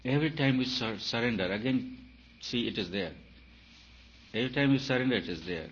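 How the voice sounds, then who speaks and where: Brisk and animated, a male spiritual teacher with a mid-range voice gives an emphatic talk full of rhetorical questions, swinging from loud to soft. The recording is lo-fi and dull, carrying a faint hiss.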